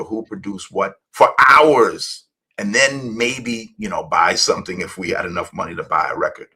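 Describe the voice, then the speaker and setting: Middle-aged American male guest, bright edgy tone, meandering anecdotal delivery. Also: fairly low pitch, breathy edge, rough recording. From United States. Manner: rambling, many fillers and restarts. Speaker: guest, hip-hop journalist. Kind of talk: storytelling interview.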